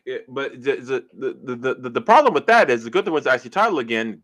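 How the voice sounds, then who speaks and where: A man co-hosting a live podcast in casual chat, excitable and tripping over his words with frequent restarts. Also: mid-range voice, fast, few pauses. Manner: excitable, stammers and restarts often. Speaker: co-host of a wrestling podcast.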